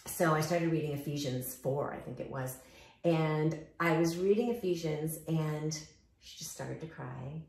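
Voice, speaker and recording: A woman hosting a casual chat while out walking, telling stories in an animated way and acting out the voices of the people in them. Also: sits low, unhurried, creaky, roomy sound. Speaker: host. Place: outdoors walking.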